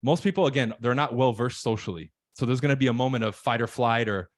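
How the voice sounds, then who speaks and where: A man coaching on sales calls in casual podcast chat, emphatic, acting out nervous callers in quick voices. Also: mid-range voice, dry recording, studio quality. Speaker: real estate coach.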